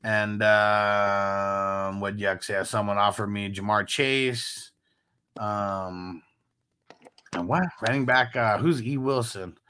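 A man's voice: lowish voice, steady tone, takes it slowly, pushed and bright, smooth. A man co-hosting a casual fantasy football show, reading out viewer comments and joking about them. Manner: joking, reads out chat comments. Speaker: co-host. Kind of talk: casual podcast chat.

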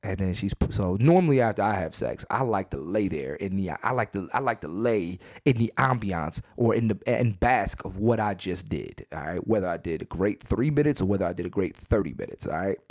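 A man hosting a comedy podcast, telling stories in a profane, animated way and repeating lines for emphasis, recorded in a bedroom at home. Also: low-pitched, a little fast, hardly any pauses, no room sound, clean studio sound. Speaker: podcast host. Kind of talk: comedic storytelling monologue. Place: his second bedroom at home.

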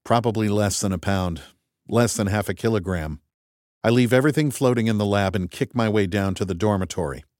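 A man's voice: lowish voice, brisk, a little mellow, dry recording. A man reading a first-person audiobook in a dry, wry and methodical way. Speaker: audiobook narrator. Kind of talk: first-person scripted narration.

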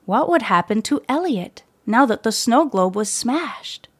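Woman, storybook narration, gentle measured reading, fairly high voice. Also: expressive, breathy edge. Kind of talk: storybook narration read aloud.

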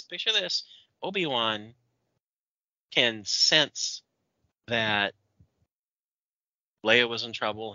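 A man's voice: mid-range voice, sharp tone, dry recording, dull audio. A man co-hosting a podcast in casual chat, opinionated and ranting. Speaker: podcast co-host.

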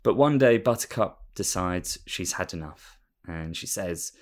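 A man's voice: low voice, lively intonation, measured pace, hardly any pauses. A man casually recapping a story as host, rambling with lots of fillers and laughing at himself. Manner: rambling, with many fillers and restarts, and amused.

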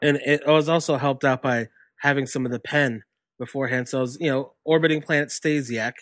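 A man's voice: medium pitch, steady tone, brisk, a bit bright, dry recording. A man co-hosting a wrestling podcast, joking casually and leaning on "like" as filler. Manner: joking, filler-heavy, says "like" a lot. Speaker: podcast co-host. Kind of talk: casual chat.

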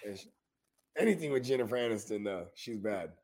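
A podcast co-host rambles in slang during a casual chat, repeatedly asking "you know what I mean." His voice is on the low side, darkish and animated with a breathy edge, and he speaks briskly.

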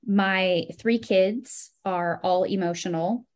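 A woman guest speaking in an easy conversational way, thoughtful and measured. When she recounts a story, her voice livens up with quick bursts of energy. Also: medium pitch. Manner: reflective, animated when telling stories. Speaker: podcast guest. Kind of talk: casual conversational interview.

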